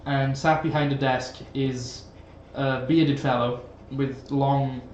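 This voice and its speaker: A man's voice: mid-range voice, level tone, a little mellow, a little hiss or hum. Man narrating a tabletop game. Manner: casual, halting with fillers. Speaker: game master. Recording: echoey room, dull sound.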